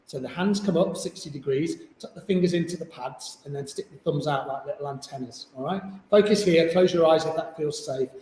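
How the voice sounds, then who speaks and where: Guy leading yoga, higher voice, jokey and friendly, big roomy reverb. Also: fairly quick, hardly any pauses, mellow, slight background noise. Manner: chatty, jokey and encouraging. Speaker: yoga instructor. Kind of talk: live online yoga class. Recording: echoey room with long reverb.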